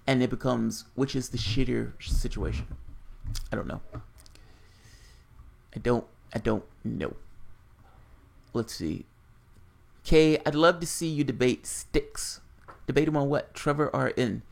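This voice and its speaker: A man's voice: mid-range voice, a little slow, vocal fry, long pauses. A man hosting casual political commentary on a livestream, reading viewer chat aloud and answering in a blunt, profane, rambling way.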